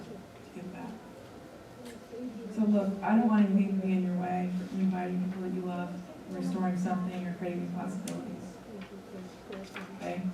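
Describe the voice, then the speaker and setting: A woman in her forties, a seminar leader, telling a candid personal story to a seminar audience and acting out the dialogue. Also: lowish voice. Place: large room with an audience. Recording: echoey room from far off, audience noise. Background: audience murmur.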